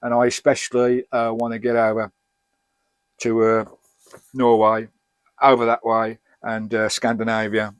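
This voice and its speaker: A man's voice: mid-range voice, completely flat delivery, measured pace, pauses often, clear, resonant tone, dry recording. A middle-aged man from Birmingham with an English accent, answering viewer questions in a chatty, rambling and jokey way. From Birmingham, England. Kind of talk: casual chat.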